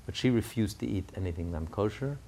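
A man's voice: fairly low pitch, expressive, a little fast, darkish tone, slight background noise. A man giving a sermon through a family story, talking casually with restarts and building to fervent, emphatic peaks. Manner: conversational, with fillers and restarts, rising to fervent peaks.

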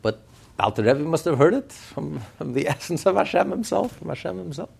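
A man gives a Chassidic Torah lesson in a gravelly, husky voice. His pitch swings widely as he tells stories. He keeps pressing his listeners with rhetorical questions. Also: lively intonation, a little fast, a little mellow. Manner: fires rhetorical questions, storytelling. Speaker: Torah teacher.

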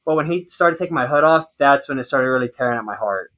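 A man co-hosting a casual podcast chat, telling a long personal story in an animated way. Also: medium pitch, quick pace. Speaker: podcast co-host.

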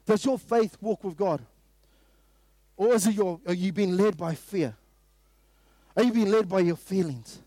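A man with a New Zealand accent preaching a sermon at a morning prayer meeting, emphatic and full of repeated rhetorical questions, now and then rising to a loud burst. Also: high-pitched, a little slow, pauses often, dry recording.

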